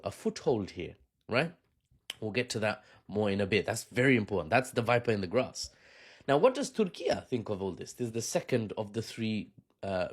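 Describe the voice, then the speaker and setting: A man hosting a casual commentary video, chatty and joking, often laughing at his own asides. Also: mid-range voice. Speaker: video host.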